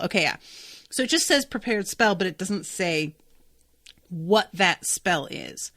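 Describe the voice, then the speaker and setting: A woman hosting a podcast who reads a book aloud and reacts to it in an excitable way, swearing freely and laughing. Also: mid-range voice, slow, pauses often, no echo, clean studio sound. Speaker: podcast host.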